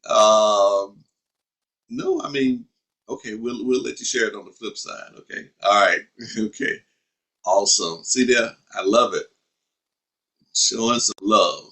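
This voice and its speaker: A man's voice: on the low side, lively intonation, a little slow, pauses often, a bit bright. A man hosting a live session, upbeat and encouraging, laughing as he talks with the audience. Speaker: host.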